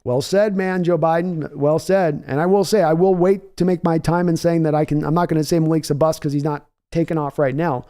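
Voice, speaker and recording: A man with a slightly high yet warm, mellow voice hosts a live football stream. He talks in a casual, chatty way, answers viewers by name, and thinks his analysis through out loud. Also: fairly even intonation. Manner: measured, thinking-aloud analysis with restarts. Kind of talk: casual live-stream football talk, reading chat aloud.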